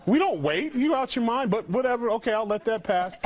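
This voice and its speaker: A man's voice: extremely high pitch, moderate pace, a little hiss or hum. A male panelist on a TV talk show, telling a comic story and acting out little scenes. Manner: animated, acts out little scenes.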